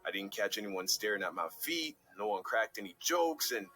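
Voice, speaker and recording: A young man telling a comic, self-deprecating story about himself in an expressive way. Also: fairly low pitch, moderate pace, soft background music, rough recording. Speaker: storyteller in a watched video. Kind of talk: animated storytelling narration.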